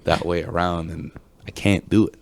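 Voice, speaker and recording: A man co-hosting a podcast in casual chat, crude and excitable, swearing often. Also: low-pitched, moderate pace, vocal fry. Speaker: podcast co-host.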